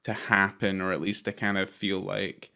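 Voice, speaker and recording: A man's voice: sits low, level tone, moderate pace, creaky, bright, forceful tone. A man co-hosting a podcast, chatting casually about a film in a rambling, sweary way that keeps interrupting itself. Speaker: podcast co-host. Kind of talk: casual film review chat.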